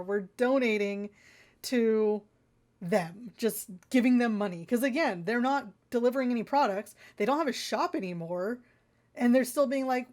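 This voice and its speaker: A woman's voice: fairly high pitch, darkish tone. A woman vlogger ranting in an exasperated, rambling way, talking straight to her viewers. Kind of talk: ranting consumer-warning vlog.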